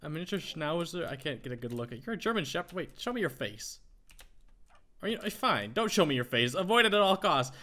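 A man hosting a casual Minecraft let's play, chatting excitedly as he plays and talking to the animals he finds. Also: fairly high pitch, fairly quick. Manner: excitable, talks to in-game animals. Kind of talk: casual gameplay commentary.

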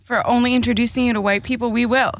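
A woman co-hosting a podcast, throwing in quick wisecracks. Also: on the high side, steady tone, dry recording. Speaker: podcast co-host. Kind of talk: casual chat.

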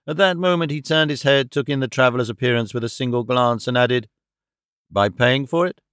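A man narrating a classic novel audiobook in an even, steady storytelling manner. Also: mid-range voice, fast, smooth, no echo, clean studio sound.

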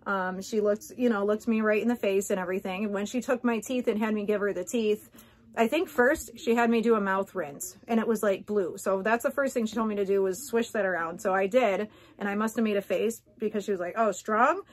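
This is a woman vlogger chatting straight to her viewers in an easygoing, unscripted way. She is candid and a little rambling, wandering off into asides as she goes. Her voice sits at an ordinary middle pitch. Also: fairly even intonation, fairly quick. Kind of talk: casual chat to camera.

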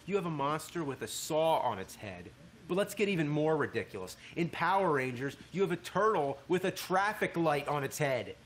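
A man giving a casual, animated spoken review of a TV show, swearing freely as he talks. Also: fairly high pitch, moderate pace, slight background noise.

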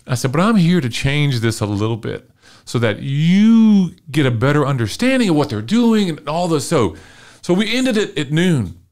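A middle-aged man from Texas, a marketing consultant guest telling an animated, emotional story and acting out dialogue in a podcast interview. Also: mid-range voice, smooth. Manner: lively, emotional storyteller, often acts out dialogue.

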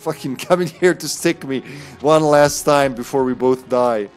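A man's voice: medium pitch, moderate pace, hardly any pauses, smooth, faint music behind. A man streaming a game live, commenting with jokes, frequent swearing and laughter. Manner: joking, swearing, laughing often.

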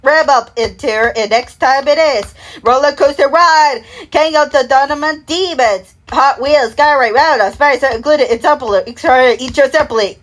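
Speaking a little slowly in a high-pitched voice, a woman re-creates a string of TV ads by herself. She slurs and half-mumbles the slogans and product names while rambling, and the jingles become hummed and sung "da da" syllables.

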